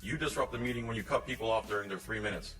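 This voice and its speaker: A man's voice: lowish voice, rapid-fire, fairly bright tone. A man confronting officials in a combative way, citing laws and court cases. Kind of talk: confrontational self-filmed encounter. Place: county meeting room and hallway. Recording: echoey distant hall audio with music.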